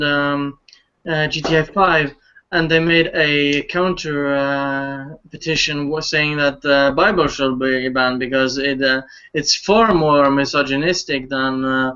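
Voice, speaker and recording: A man's voice: on the high side, bright, forceful tone, clear, resonant tone, lo-fi sound. A man in a casual stream chat, speaking hesitantly with many fillers. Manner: hesitant, lots of uh and um.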